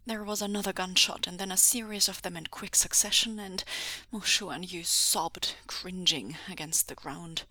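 A woman reading a fan story aloud in a breathy, half-whispered narration. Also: lowish voice, fairly even intonation, normal speed, hardly any pauses, pushed and bright, no room sound. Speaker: podfic reader. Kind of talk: audiobook narration.

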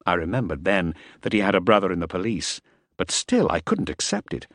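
Low, lively-toned male narrator. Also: fairly quick, no room sound. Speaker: audiobook narrator. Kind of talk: first-person novel narration.

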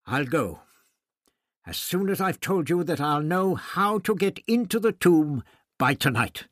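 A testy old man with a sly, wry edge, as a male narrator puts him on, pitched somewhat higher than the reader's own voice. He sounds a bit breathless and husky, recorded close and dry. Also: big pitch swings, unhurried, fairly bright tone, no echo, full character voice. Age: older. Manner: gasping, wry.

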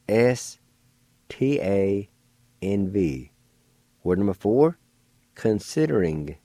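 A man teaching a spelling and pronunciation lesson, slow and careful, repeating each word. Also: fairly low pitch, dark tone, no room sound. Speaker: language teacher and radio host.

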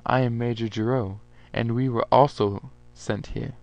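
A man's voice: mid-range voice, fairly even intonation, normal speed, vocal fry, a little mellow, no room sound, lo-fi sound, natural voice. A man voicing a firm army major. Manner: firm and respectful. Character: proud determined male army major.

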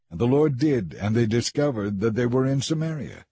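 A man reading a scripture story aloud in a measured, even narrating manner. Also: mid-range voice, husky, no room sound. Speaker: audiobook reader.

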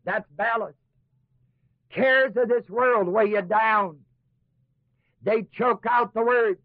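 Speaking slowly in a high-pitched voice, a man leads a Bible class in sermon fashion. He plays the part of doubters in asides and then pushes his arguments with growing force. The lo-fi old tape sounds tinny and dry, with no echo.

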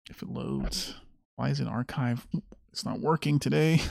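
A man's voice: mid-range voice, moderate pace, creaky, a little mellow, no echo, clean studio sound. A man hosting his own stream, ranting in a sarcastic, mocking way about a clip he has just played. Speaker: streamer host. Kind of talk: casual solo stream commentary.

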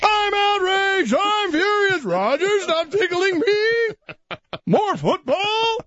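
A man's voice: extremely high pitch, sing-song, slow, sharp tone, voice pushed up, heavily acted. A man putting on a squealing, mock-outraged voice of someone being tickled, on a dull lo-fi studio recording. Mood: squealing mock outrage.

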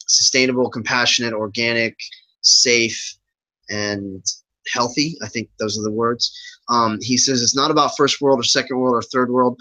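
Bright-voiced man retelling a debate. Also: mid-range voice, poor audio. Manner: animated, retelling an argument with quotes. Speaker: podcast guest. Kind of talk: casual conversation.

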